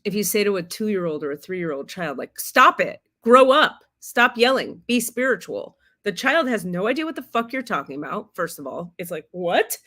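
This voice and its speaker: Frank, expressive woman teaching spirituality. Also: mid-range voice. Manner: frank and expressive, swears freely; plays out quoted voices of a child and a parent. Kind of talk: casual spiritual teaching on a livestream.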